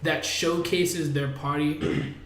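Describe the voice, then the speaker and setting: A laid-back young man tells a loose, slangy story on a casual podcast. His voice runs fairly high. He is heard in an echoey room with faint background noise. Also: level tone, slow, a bit bright. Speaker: podcast co-host.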